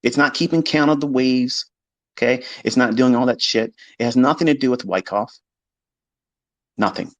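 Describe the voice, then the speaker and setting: A man's voice: medium pitch, moderate pace, no echo, highs cut off. A man giving a blunt, profane, combative monologue about trading, mimicking his critics along the way. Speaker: trading educator. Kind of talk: unscripted monologue lecture.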